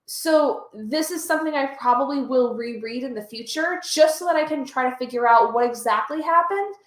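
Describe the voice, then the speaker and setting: Her voice is high and her speed normal, with a roomy sound around it. She's a livestream host running a reading stream, chatting in a relaxed, emotional way, reading the chat out loud, and getting moved easily.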